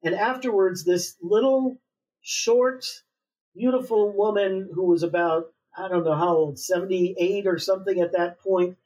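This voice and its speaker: Husky man telling a long story. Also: high-pitched, steady tone, measured pace, a little mellow. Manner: rambling storyteller with fillers. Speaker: author guest. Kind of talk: conversational interview. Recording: distant, dull lo-fi sound.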